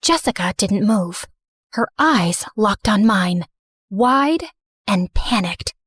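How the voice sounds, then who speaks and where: A woman's voice: mid-range voice, animated, slow, a bit bright, slightly rough, no echo, clean studio sound. Woman narrating a dramatic story. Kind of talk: scripted first-person story narration.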